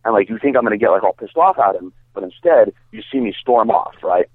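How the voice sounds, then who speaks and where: A man's voice: fairly low pitch, very animated, quick pace, creaky, breathy edge, no echo. A man, a bodybuilder guest, telling a story in a casual, rambling way, full of fillers and swearing. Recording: dry, tinny phone-like sound.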